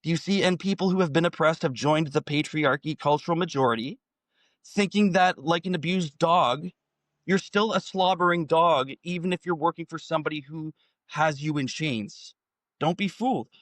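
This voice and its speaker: Guy in his 40s ranting solo, lotta rhetorical questions, kinda high voice, dry sound. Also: a bit bright, no echo. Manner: impassioned, full of rhetorical questions. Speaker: political commentator. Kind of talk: solo commentary monologue.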